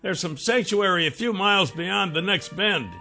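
A man voicing an older male companion who is kindly and wary, speaking softly and gently. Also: high-pitched, moderate pace, creaky, faint music behind, voice pushed up, full character voice. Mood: gentle.

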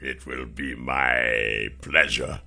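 A man reading an audiobook, voicing a hulking brute servant with a throaty, gravelly voice who is menacing and fawning by turns. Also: extremely low pitch, steady tone, slow pace, bright, forceful tone, voice pushed down, exaggerated voice.

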